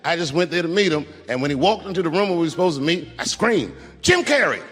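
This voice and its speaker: A man's voice: fairly high pitch, quick pace, faint music behind. A man doing stand-up comedy, telling long stories in a loose, conversational way with profane punchlines. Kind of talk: stand-up storytelling. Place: stage before a live audience.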